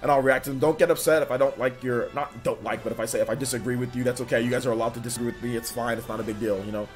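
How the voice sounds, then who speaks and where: With a steady, mid-range voice, a man races through his livestream talk. He rambles casually, leans on fillers, and addresses his chat head-on, with faint background music behind him.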